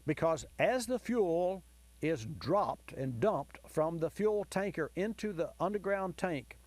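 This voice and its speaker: A man's voice: high voice, animated, takes it slowly, a little mellow, dry recording. A man hosting a call-in car-repair radio show, explaining diagnostics in a folksy, explanatory way to callers and listeners. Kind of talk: call-in advice talk.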